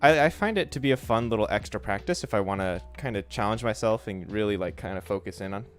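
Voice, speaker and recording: A relaxed man with a fairly low voice hosts a casual study stream, chatting loosely and full of "like"s while he sounds out Japanese words to show pronunciation. Soft music plays faintly underneath. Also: fast. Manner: frequent fillers like "like" and "so". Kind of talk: casual instructional livestream.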